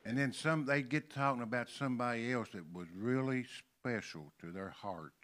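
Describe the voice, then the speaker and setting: An older man from Kentucky preaching a sermon in a church, slowly stressing and repeating key words. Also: mid-range voice, a bit bright. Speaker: pastor. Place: church sanctuary.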